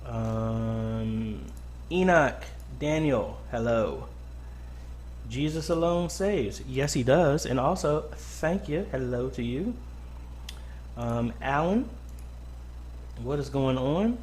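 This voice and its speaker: Host voice: easygoing man, unhurried pacing, close boom mic, faint room noise behind. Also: lively intonation, darkish tone. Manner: laid-back, greets viewers by name, frequent ums. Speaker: live stream host. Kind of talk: casual live-stream Q&A chat. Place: home studio desk. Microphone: boom-arm mic close up.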